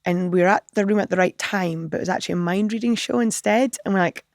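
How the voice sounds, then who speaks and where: A woman comedian guest spins animated anecdotes, slipping into other people's voices as she goes. Her voice carries a gravelly fry at mid pitch, recorded close and dry. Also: fast, no echo. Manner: animated anecdotes, acting out other people's lines, frequent laughter. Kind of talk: podcast interview storytelling.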